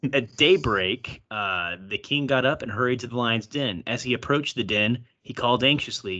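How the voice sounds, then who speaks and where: A man co-hosting a casual Bible-study podcast, reading scripture aloud with drawn-out pauses and joking between passages. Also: medium pitch, pushed and bright. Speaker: podcast co-host. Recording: dull lo-fi podcast sound.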